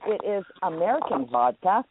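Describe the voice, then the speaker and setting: A woman's voice: medium pitch, big pitch swings, normal speed, a little hiss or hum. Rambly lady radio host, laughs a lot, tinny phone-line sound. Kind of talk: casual radio chat.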